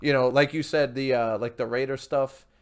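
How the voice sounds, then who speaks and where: A man's voice: medium pitch, fairly even intonation, normal speed, clear, resonant tone. A man hosting a casual podcast. He reads out viewer questions from the live chat and agrees easily with his guest. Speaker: podcast host.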